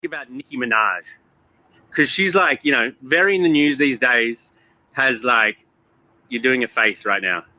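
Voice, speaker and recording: Curious man interviewer, bright voice. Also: mid-range voice, unhurried, no echo, rough recording. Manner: curious, easygoing, prodding follow-up questions. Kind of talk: casual interview.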